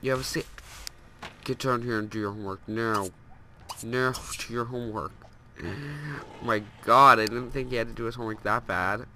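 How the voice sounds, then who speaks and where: A bright, sharp-toned young man with a stuffed-up, sniffly nose, chatting through a game in a loose, rambling way. He keeps scolding the characters on screen. A faint hiss of noise sits under his voice. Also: medium pitch, steady tone, normal speed, pauses often. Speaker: gameplay commentator. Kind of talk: casual let's play commentary.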